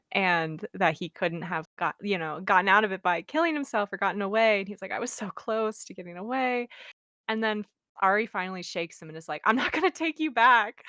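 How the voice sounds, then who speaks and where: A young woman co-hosting a book podcast, casually retelling the story in a quick, chatty way and acting out the characters' lines. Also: medium pitch, a bit bright, no echo, clean studio sound. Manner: retells the plot quickly with many likes, acts out quotes. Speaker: podcast co-host.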